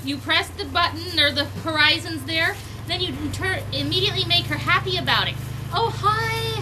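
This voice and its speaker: Brief: high, bright woman, dog breeder talking outdoors, chatty run-on explainer, faint outdoor ambience behind. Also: background noise. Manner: run-on explaining, slipping into high sing-song puppy talk. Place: outdoors on a cold sunny morning.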